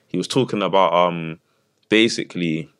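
A man's voice: sits low, normal speed, a bit bright, clean tone. A man hosting a podcast, chatty and slangy, asking loose rambling questions. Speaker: podcast host. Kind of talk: casual podcast chat.

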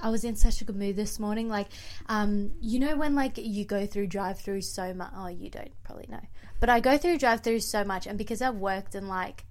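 Chatty young woman. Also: mid-range voice. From Australia. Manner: chatty storyteller, lots of "like", animated quoted voices. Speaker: podcast co-host. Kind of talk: casual chat.

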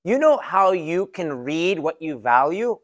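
Young male pastor, higher-pitched, relaxed conversational sermon full of rhetorical questions. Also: a little slow.

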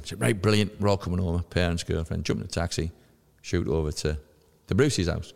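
A man in his fifties, a podcast guest telling lively anecdotes and acting out the voices of people he quotes. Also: deep voice, quick pace, vocal fry, hardly any pauses, big-room sound. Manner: lively storyteller who acts out quoted voices. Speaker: podcast guest, former footballer.

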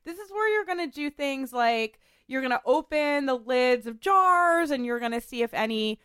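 A woman's voice: sits high, lively intonation, moderate pace, a bit bright, smooth, no echo, studio quality. A woman hosting a casual podcast, giving practical cleaning tips in a chatty way with frequent laughs.

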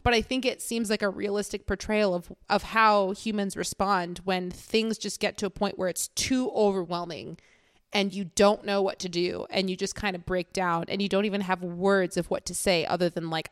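A woman's voice: moderate pace, clean tone, dry recording, clean studio sound. A woman co-hosting a podcast, chatting casually about a film, acting out quotes and laughing often. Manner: animated, acts out quotes with raised pitch, laughs often. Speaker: podcast co-host.

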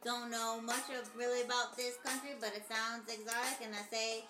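A woman's voice: fairly high pitch, little pitch movement, brisk, roomy sound, over music. A woman rapping rambling, goofy freestyle rhymes over a beat. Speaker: podcast co-host.

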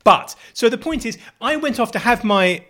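A middle-aged British man chatting casually as a podcast co-host, animated and jokey, swearing freely. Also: very high voice, moderate pace. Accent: British English. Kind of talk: casual chat.

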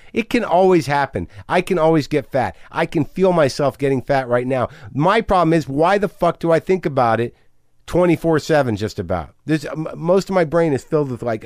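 A man's voice: a little high, animated, fairly quick, no echo, clean studio sound. A middle-aged man hosting a podcast, talking in a manic, rambling, profane confessional monologue. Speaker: podcast host.

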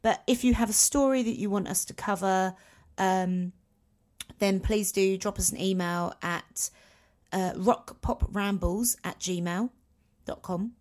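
A woman's voice: mid-range voice, unhurried, a little mellow. Rambling, chatty woman podcaster. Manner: chatty, rambling, self-mocking. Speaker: podcast co-host. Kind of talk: casual podcast chat.

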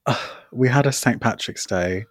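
A man's voice: mid-range voice, normal speed, no echo, clean studio sound. A man co-hosting a podcast in casual chat, playful and cheeky with big swings in tone. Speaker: podcast co-host.

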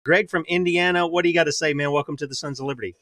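A man's voice: fairly high pitch, fairly even intonation, rapid-fire, sharp tone, dry recording. A man hosting a talk radio show, speaking conversationally and emphatically, often restarting his sentences. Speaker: radio host.

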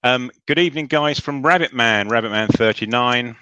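A man hosts a loose football chat, greeting listeners by name and restarting his sentences as he goes. His voice is bright and forward. The sound is dry and close, with no room around it. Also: mid-range voice, moderate pace, clear, resonant tone, dry recording, lo-fi sound. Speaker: podcast host.

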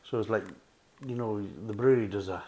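A man's voice: lowish voice, a little fast, warm tone, rough recording. A man reviewing beer in a casual, blunt, rambling way, repeating himself often. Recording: faint background hiss.

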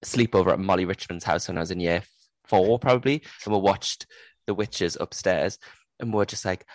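A man chatting casually with a co-host, expressive and laughing often. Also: low-pitched, a little fast. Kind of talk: casual chat.

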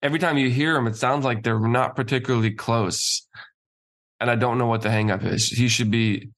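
Calm co-host, a man with mid-pitched speech, sure of his takes, easygoing delivery. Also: a little fast. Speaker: sports talk co-host. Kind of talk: casual hockey chat.

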